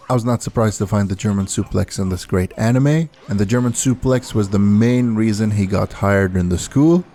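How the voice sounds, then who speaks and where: Low, dark-voiced man narrating a list. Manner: steady countdown-list delivery. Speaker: anime and wrestling video host. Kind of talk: scripted video-essay narration.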